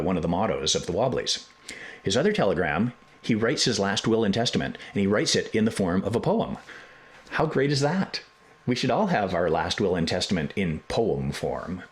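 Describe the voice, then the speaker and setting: A man hosting a podcast, telling a history story in a casual, animated way with profane jokes and digressions. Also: deep voice. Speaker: podcast host.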